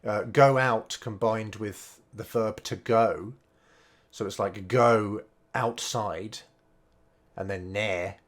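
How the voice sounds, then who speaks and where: A man's voice: on the low side, fairly even intonation, slow pace. A man, casually explaining Japanese words while streaming a game, rambling and restarting his sentences often. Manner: rambling, hesitant, many fillers and restarts.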